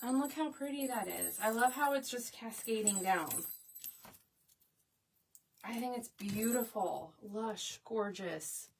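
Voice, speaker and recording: A woman's voice: a little high, takes it slowly, gravelly, slight background noise. A middle-aged woman, hosting a crafting live stream in a chatty, easy-laughing way and greeting viewers. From Oklahoma. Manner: chatty, reads viewer comments aloud, laughs easily. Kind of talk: casual live-stream chat. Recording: voice a bit far from the mic.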